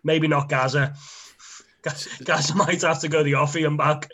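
Sweary man, higher voice. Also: fairly even intonation, normal speed, a bit bright. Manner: sweary, mocking. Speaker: podcast co-host. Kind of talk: casual banter.

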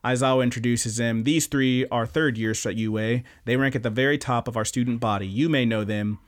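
A man's voice: medium pitch, fairly even intonation. A young man co-hosting an anime podcast, casually recapping episodes with loose, profane chatter. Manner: loose, profane, does quick silly character voices. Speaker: podcast co-host.

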